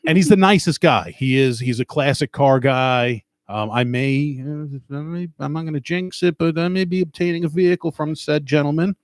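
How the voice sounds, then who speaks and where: A man's voice: fairly high pitch, moderate pace, few pauses, dry recording, studio quality. A man with a Long Island accent and a stuffed-up nose, rambling and cursing in casual podcast chat. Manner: rambling, profane and joking. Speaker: podcast host.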